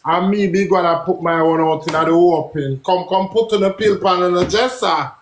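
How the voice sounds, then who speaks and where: High-voiced brash Jamaican man. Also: moderate pace, reverberant, slight background noise. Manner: brash, profane, emphatic. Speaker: livestream host. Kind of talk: heated live-stream talk.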